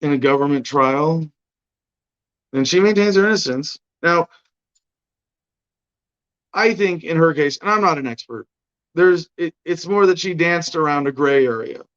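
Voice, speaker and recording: A man's voice: a little high, measured pace, long pauses, a bit bright, clear, resonant tone. A man hosting a casual livestream, talking in a loose, rambling way and hedging as he goes. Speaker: show host. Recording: muffled lo-fi stream audio.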